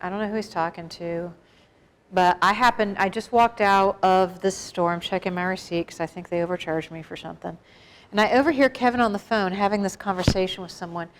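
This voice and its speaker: A woman's voice: lowish voice, fairly quick. A middle-aged woman giving an informal, frank talk to a live group on suicide prevention, often asking the audience questions. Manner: conversational, asks the audience questions; frank, plain-spoken. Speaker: guest speaker on suicide prevention.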